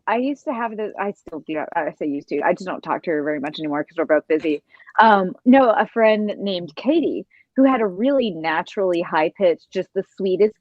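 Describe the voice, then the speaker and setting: A young woman on a livestream panel, chatting casually with a faintly husky, textured voice. She rambles through a story and mimics voices along the way. The audio is dry and a little dull, like a video call. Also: on the low side, a little mellow, dry recording. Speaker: voice actor on a panel.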